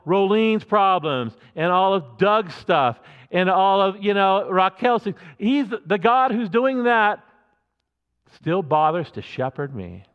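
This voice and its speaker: A male pastor gives a casual, emphatic sermon, often stopping and starting over mid-sentence. His voice sits a little high for a man. The recording sounds dull and carries a long reverb from the hall. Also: clean tone. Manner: conversational, emphatic, with many restarts.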